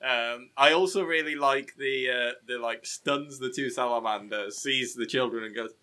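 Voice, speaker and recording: A man's voice: medium pitch, moderate pace, pushed and bright. A man co-hosting a podcast over a webcam setup, wry and teasing in casual chat. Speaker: podcast co-host.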